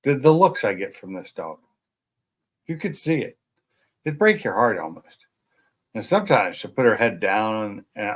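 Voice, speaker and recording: Chatty man hosting a stream from home. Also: lowish voice. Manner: rambling, chatty, self-deprecating. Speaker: live stream host. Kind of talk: casual chat. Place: at home at night.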